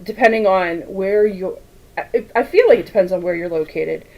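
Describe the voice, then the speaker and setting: A woman's voice: mid-range voice, normal speed, warm tone, slight background noise, low-quality recording. A woman hosting a quilting livestream, chatting casually and rambling while she sews, reading viewer comments aloud and laughing often. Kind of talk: casual chat while sewing.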